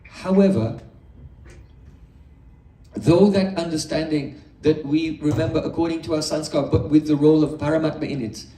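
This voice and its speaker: Man, spiritual teacher, patient explanations, gentle humor, reverberant room. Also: a little high, normal speed. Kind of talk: morning scripture class. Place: indoor hall with a live audience. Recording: echoey room, distant mic.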